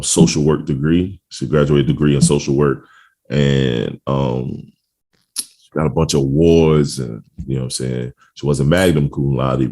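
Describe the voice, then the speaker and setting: Middle-aged guy hosting a podcast, super deep voice, chill and laughing a lot. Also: darkish tone. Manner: laid-back, laughing, heavy slang. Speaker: podcast host. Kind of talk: casual podcast chat.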